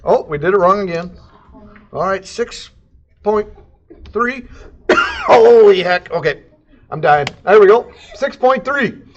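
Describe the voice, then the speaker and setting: A high-voiced man, acting as a CAD instructor, walks through a casual screen-recorded tutorial in a loose, goofy, jokey way, scatting sound effects and silly accents between steps. His pitch swoops wildly, he goes slowly with long pauses, and the dull lo-fi recording carries a faint hiss.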